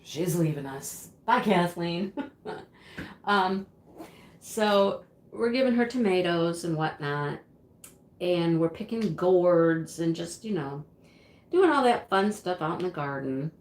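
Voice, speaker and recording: Chatty middle-aged woman host, lively storytelling voice, echoey room at home. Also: fairly low pitch, slow pace. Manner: chatty, laughs often, many fillers. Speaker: craft channel host. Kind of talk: casual livestream storytelling.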